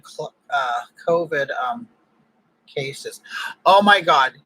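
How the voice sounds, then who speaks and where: A man's voice: on the high side, sharp tone, no room sound, rough recording. A man from California hosting a casual livestream chat, ranting bluntly with strong opinions. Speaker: livestream host.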